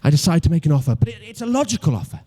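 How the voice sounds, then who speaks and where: A man's voice: on the high side, big pitch swings, rapid-fire, dark tone. A young man in his twenties with a Welsh accent doing a stand-up routine, self-deprecating and mock-logical, with stammering restarts. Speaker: stand-up comedian.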